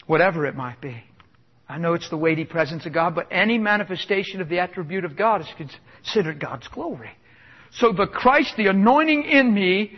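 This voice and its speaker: A man preaching a sermon with exuberant, emphatic delivery, chuckling between points. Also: sits high. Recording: dull lo-fi sound with long hall reverb.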